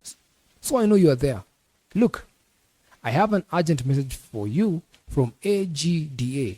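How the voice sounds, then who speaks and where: A man's voice: mid-range voice, animated, unhurried, warm tone, no echo. A man reading an audiobook voices an impatient, commanding educated Nigerian man giving orders over the phone. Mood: irritated. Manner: impatient and bossy.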